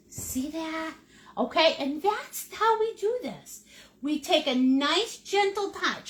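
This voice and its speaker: A woman's voice: high-pitched, expressive, unhurried, a bit bright. A woman teaching a live-streamed painting class, joking with viewers, reading out their comments and coaxing them through each step. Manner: encouraging, coaxing step-by-step instructions. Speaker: painting instructor.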